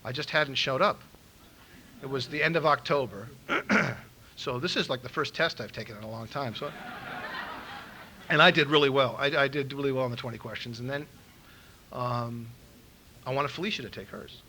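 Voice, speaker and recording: Bright, lively man telling his story at a meeting, acting out voices, faint room hiss behind. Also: mid-range voice, normal speed, pauses often, poor audio. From Los Angeles. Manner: animated storyteller acting out quotes, laughing. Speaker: recovery meeting speaker. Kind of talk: storytelling talk.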